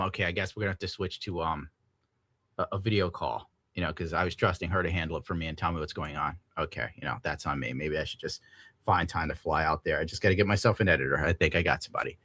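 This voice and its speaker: A young man rants to his chat in a loose, profane, animated way, laughing often as he reads donations. His voice is bright and forward. The sound is close and dry, with no room around it. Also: deep voice, fast talker, dry recording. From United States. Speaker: streamer reading donations. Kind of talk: casual rant to chat.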